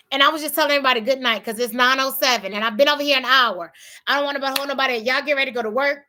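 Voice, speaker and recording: Bright high-voiced woman, preachy and emphatic. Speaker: livestream host. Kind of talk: casual faith talk to viewers.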